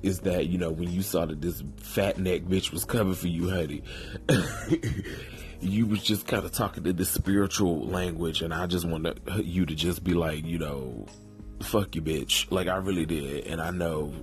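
A man hosting a podcast, delivering a sassy, drawn-out casual commentary full of cursing. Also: deep voice, fairly even intonation, faint music behind. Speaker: podcast host.

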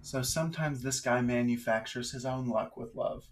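A young man co-hosting a comedy podcast, tossing in quick deadpan jokes. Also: mid-range voice, slight background noise. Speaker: podcast co-host.

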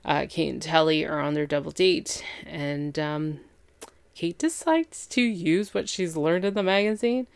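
A woman with a low, gravelly voice chats through a show recap as a podcast host. She is worn out from a long day and rambles with lots of fillers, slipping into quick impressions of the characters. The sound is close and dry. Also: dry recording. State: tired after a long day. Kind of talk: casual chat.

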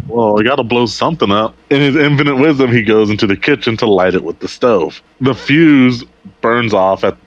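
A man's voice: lowish voice, slight background noise. A man casually retelling a TV episode on a podcast, rambling along and quoting characters' lines. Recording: dull lo-fi recording.

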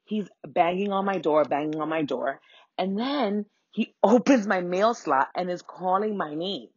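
A young woman with a low, husky voice tells a wild personal story, loose and profane, jumping into other people's voices as she goes. The sound is dry and a little dull, as if recorded close on a modest mic. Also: normal speed, no echo. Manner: animated, profane, acts out quoted voices. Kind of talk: casual comic storytelling.

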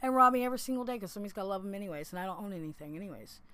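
Animated woman telling her story. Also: medium pitch, very fast, no echo. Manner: animated, laughs often, swears, acts out quotes. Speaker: guest, former anchor-out resident. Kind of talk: casual storytelling interview.

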